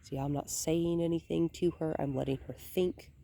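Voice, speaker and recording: A woman dog trainer filming a walk outdoors on a hand-held phone, calmly explaining and softly praising the dog. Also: deep voice, normal speed, gravelly. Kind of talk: hands-on training demonstration. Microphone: phone held in one hand.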